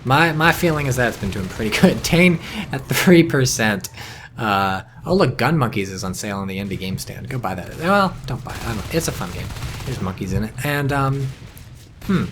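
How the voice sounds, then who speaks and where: A man's voice: medium pitch, normal speed, slight background noise. Man rambling through solo game commentary. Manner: rambling, deadpan jokey asides. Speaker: esports caster.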